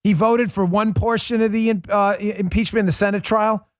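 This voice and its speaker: A man's voice: high-pitched, steady tone, a little fast, no echo, studio quality. A middle-aged man hosting a political commentary show, delivering a heated, scornful monologue full of insults and repetition.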